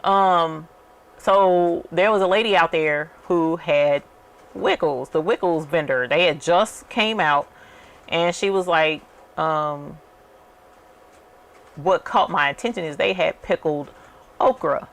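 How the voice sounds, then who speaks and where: Low, gravelly woman chatting. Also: takes it slowly, pauses often. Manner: rambling, chatty storytelling. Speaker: channel host. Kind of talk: casual chat while working.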